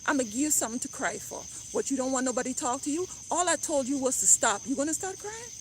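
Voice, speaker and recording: A woman's voice: high-pitched, expressive, fast. A woman imitating a stern mother who scolds and threatens a crying child, over outdoor noise with crickets. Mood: threatening.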